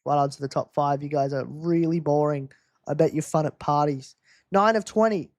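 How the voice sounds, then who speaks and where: A man's voice: fairly high pitch, moderate pace, no echo, studio quality. A man hosting a live race-watch quiz stream, teasing viewers in casual chat.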